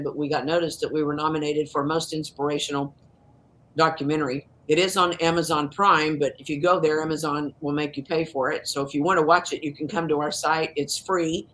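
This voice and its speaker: A woman in her sixties, a guest on a video call, telling stories with an emphatic, evangelical fervor. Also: on the low side. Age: 60s. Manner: animated storyteller, evangelical and emphatic. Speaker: guest, documentary producer. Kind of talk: interview over video call.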